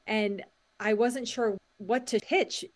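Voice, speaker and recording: Lively, higher-voiced woman telling stories. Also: takes it slowly. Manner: animated storyteller, acts out quotes and laughs often. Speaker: guest, mindset coach and author. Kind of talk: podcast interview.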